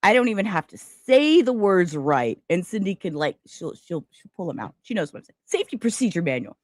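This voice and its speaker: Woman host, scattered casual stream chat, lively pitch, dry close sound. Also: fairly quick, no room sound. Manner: scattered, rambling, self-interrupting. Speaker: livestream host.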